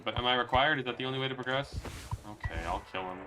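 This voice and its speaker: A man giving loose, excitable commentary as he plays a story game, swearing freely and reacting out loud. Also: mid-range voice, fast, faint music behind. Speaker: gaming streamer. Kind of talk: casual let's-play commentary.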